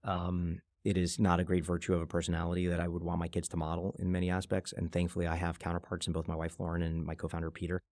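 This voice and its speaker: Fast-talking gravelly man, animated storyteller. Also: sits low, dry recording. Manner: fast, animated storyteller who acts out quotes. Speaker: guest, venture investor. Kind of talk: conversational podcast interview.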